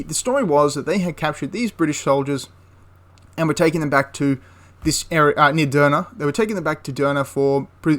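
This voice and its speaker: A man's voice: fairly high pitch, fairly bright tone. A man casually retelling a wartime story for a history channel, rambling with frequent restarts and asides.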